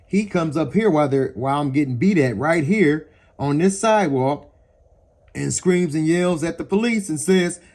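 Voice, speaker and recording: A man tells what happened in an agitated, heated way, with a voice that sits a little high. He swears often and points things out around him as he goes. He is recorded outdoors. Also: animated, moderate pace, darkish tone. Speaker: person recounting a police encounter. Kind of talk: agitated first-person account. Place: outdoors in front of his house.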